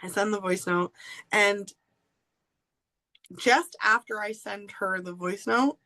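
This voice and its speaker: Woman, podcast host, personal storytelling, candid, animated, frequent laughter, mid-pitched voice. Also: takes it slowly, rough recording.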